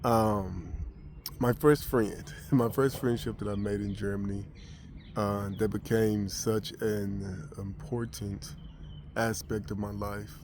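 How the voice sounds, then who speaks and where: A man's voice: on the low side, steady tone, takes it slowly, darkish tone, slight background noise. An American man vlogging, telling a personal story casually with many restarts and fillers. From United States.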